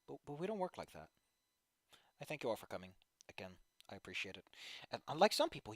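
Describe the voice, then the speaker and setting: A tired man reading fan fiction aloud into a desk microphone, ranting and swearing, sliding from low tired mumbles to loud yelling. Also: sing-song, normal speed, long pauses, no echo, studio quality. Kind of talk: casual live reading and commentary.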